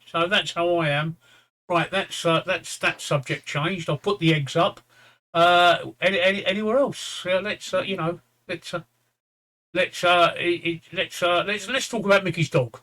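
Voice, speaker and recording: A man in his fifties or sixties chats on a livestream in a tired, rambling way. He stops and restarts often and lets the odd swear word slip, and his voice sits a little high for a man. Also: fairly even intonation, normal speed, pushed and bright. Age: 50s-60s. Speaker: livestream co-host. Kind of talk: casual chat.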